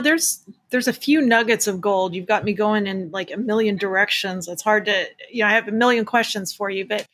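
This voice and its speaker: Woman, reporter hosting an interview, mid-pitched voice, chatty, thinks out loud. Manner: chatty, thinking aloud with many fillers. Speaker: podcast host and reporter. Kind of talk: interview conversation.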